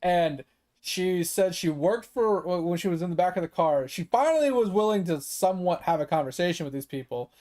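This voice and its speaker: Profane, exasperated gaming streamer. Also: male voice, high-pitched, expressive, fairly quick, a little mellow. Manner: exasperated, profane, many fillers. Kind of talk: casual rant while gaming.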